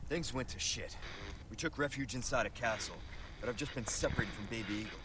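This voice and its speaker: A man's voice: mid-range voice, a little fast, close to an everyday voice. An actor playing a male agent reporting over a radio, terse and urgent. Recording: noisy radio call in game.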